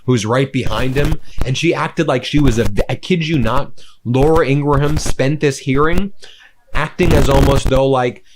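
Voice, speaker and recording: A man's voice: mid-range voice, moderate pace, background noise. A man doing heated political commentary, indignant and scornful, with many "uh"s.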